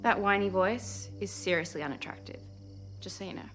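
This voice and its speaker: A woman's voice: medium pitch, fairly quick, fairly bright tone, faint music behind, close to an everyday voice. An actress playing a snobbish young female dance student with an Australian accent, sarcastic and dismissive. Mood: snide. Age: young adult.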